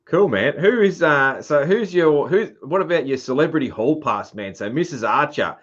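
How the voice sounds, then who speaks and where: A man with an Australian accent hosting a podcast, chatting casually and filling pauses with "uh" and "man". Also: on the high side, lively intonation, fairly bright tone, highs cut off. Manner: laid-back, lots of "uh" and "man". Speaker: podcast host. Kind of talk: casual interview chat.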